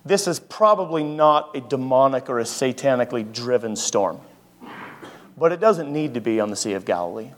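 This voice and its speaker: A man's voice: mid-range voice, lively intonation, moderate pace. A man, a pastor, preaching a conversational sermon and asking his listeners many rhetorical questions. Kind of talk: sermon teaching.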